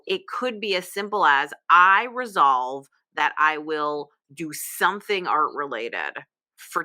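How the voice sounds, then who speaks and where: A woman host talks in a low, bright voice with a forceful edge. She chats casually and wanders into asides. The sound is close and dry, picked up by a computer mic. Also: no room sound. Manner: chatty and digressive, full of asides. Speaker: podcast host. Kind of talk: casual chat. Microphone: computer microphone.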